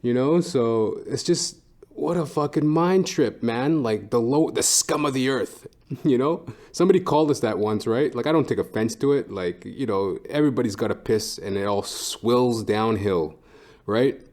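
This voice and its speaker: A man's voice: mid-range voice, moderate pace, darkish tone. A man hosting a podcast who rambles through a casual monologue with constant swearing and lots of fillers. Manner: profane, rambling, heavy fillers. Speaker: podcast host.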